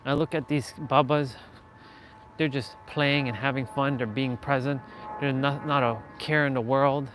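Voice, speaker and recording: A man's voice: medium pitch, fairly even intonation, unhurried, a bit bright, faint music behind. A man giving an earnest, emphatic motivational monologue while walking outdoors, repeating his key phrases. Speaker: motivational vlogger. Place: outdoors on a street.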